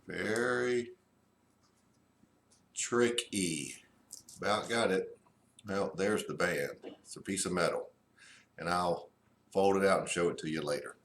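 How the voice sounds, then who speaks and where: A man reviewing a cigar in a slow, halting way with many fillers. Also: low voice, fairly bright tone, roomy sound, a little hiss or hum. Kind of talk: casual review.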